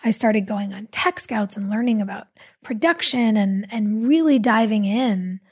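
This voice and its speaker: A woman guest in a casual interview, telling stories animatedly with quick asides. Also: medium pitch, animated, husky. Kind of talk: casual conversational storytelling.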